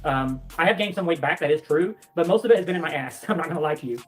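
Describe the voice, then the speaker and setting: A woman's voice: low-pitched, animated, fast. A woman talks on a casual livestream, winded and catching her breath between sentences. Her delivery is blunt and profane as she answers viewers' questions. Faint music plays in the background.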